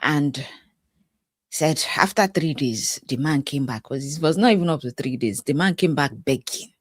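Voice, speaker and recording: A woman's voice: low voice, lively intonation, moderate pace, no room sound, studio quality. A woman with a Nigerian accent, host and life coach, giving chatty reaction commentary and often laughing as she talks.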